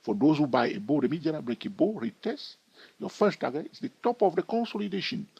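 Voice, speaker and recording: A man walking students through a chart lesson, his voice a little husky and rising and falling a lot as he explains. He keeps stopping to check in with "all right?" The sound is dry and close, with no room echo. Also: on the high side, sing-song, brisk, a little mellow, highs cut off. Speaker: trading educator. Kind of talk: chart-walkthrough teaching.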